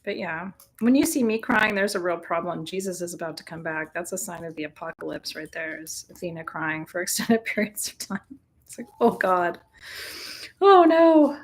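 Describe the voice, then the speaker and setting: A woman's voice: lowish voice, brisk. A woman hosting a live-streamed full moon ritual indoors, talking to her viewers in a chatty way, joking and laughing often. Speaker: spiritual teacher leading a live ritual. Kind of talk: casual live-stream talk. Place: indoors, burning sage.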